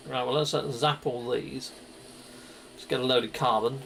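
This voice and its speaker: A man's voice: medium pitch, very animated, normal speed, gravelly, fairly bright tone. A man giving chatty, playful live commentary on his gameplay and greeting viewers, with goofy exclamations. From United Kingdom. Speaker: gaming live streamer.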